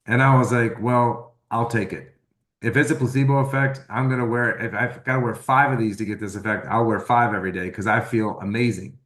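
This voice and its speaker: A man telling a personal testimonial story, acting out the dialogue he quotes in an animated way. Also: mid-range voice, fairly quick, reverberant. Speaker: testimonial speaker.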